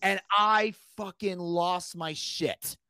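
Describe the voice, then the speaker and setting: A man casually telling a story, animated, swearing freely and shouting out the lines he quotes. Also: high voice, slow, creaky, clear, resonant tone, no room sound. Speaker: podcast guest telling a story.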